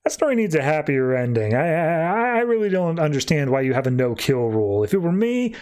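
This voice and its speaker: A man's voice: fairly high pitch, big pitch swings, a little fast, a little mellow, clean tone. A man voicing a brash, boastful alien bounty hunter in a raised, whiny tone.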